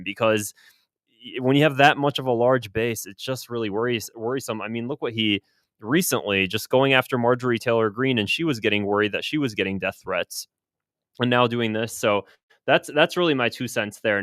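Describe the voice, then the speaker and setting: A man's voice: medium pitch, normal speed, fairly bright tone, no room sound, clean studio sound. A man giving casual, rambling commentary on news clips, hesitant and full of restarts. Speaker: political commentator.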